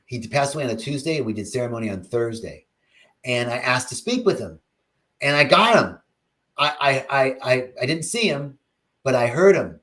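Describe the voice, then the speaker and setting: A man in the middle of his range talks through a spiritual teaching on a livestream. He speaks reflectively, reads out viewers' comments and answers them, and leans into stories with big, animated swings in tone. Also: moderate pace. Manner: reflective, animated storytelling with dramatic pitch swings.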